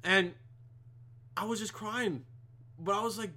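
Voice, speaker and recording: A man's voice: high voice, unhurried, sharp tone. A young man hosting a podcast, telling a rambling, heavily profane story in a casual monologue. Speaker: podcast host.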